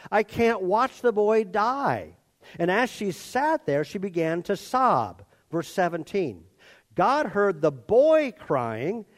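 A man preaching a conversational sermon and acting out the characters in his story. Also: high voice. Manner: expressive, conversational, acts out characters. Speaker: pastor.

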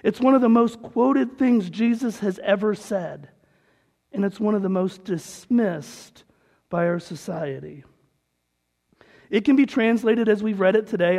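A man's voice: sits high, a little slow, a little mellow. A man pastor preaching a sermon in an earnest, conversational way, with a long hall reverb.

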